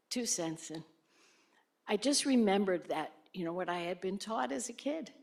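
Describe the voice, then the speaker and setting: A woman's voice: measured pace, creaky. An older woman, a former senator, telling stories in a conversational way at a lecture and acting out the people she quotes. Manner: animated, acts out quoted voices with sharp jumps in pitch. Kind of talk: conversational storytelling on stage.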